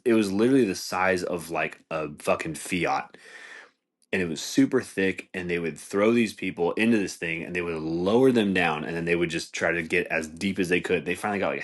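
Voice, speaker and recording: A man hosting a podcast, rambling in casual chat with a lot of swearing and restarts. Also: low voice. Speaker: podcast host.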